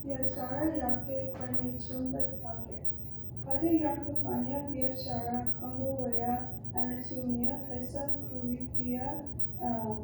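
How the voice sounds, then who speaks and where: A young woman student reading a passage aloud in class, steady with small fillers. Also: sits high, background noise. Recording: echoey classroom, distant from the mic.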